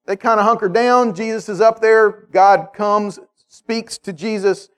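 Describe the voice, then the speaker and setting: A male preacher delivers a sermon in a lively, conversational style. He keeps checking in with his listeners. His voice sits high for a man. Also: measured pace, clean tone. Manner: animated, conversational, checks in with "okay?".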